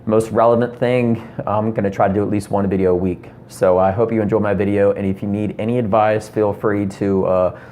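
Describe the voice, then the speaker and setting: Casual note: man in his 30s, rambling foul-mouthed rant, lowish voice, faint noise behind. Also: level tone, fairly quick, few pauses, mellow. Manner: rambling, profane, lots of ums. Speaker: comedian vlogger. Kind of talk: profane comedy rant.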